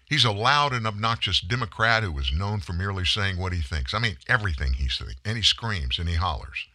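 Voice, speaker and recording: A man's voice: low voice, lively intonation, a little fast, bright, forceful tone, no room sound, studio quality. A man giving a political commentary monologue, emphatic and sarcastic, full of rhetorical questions.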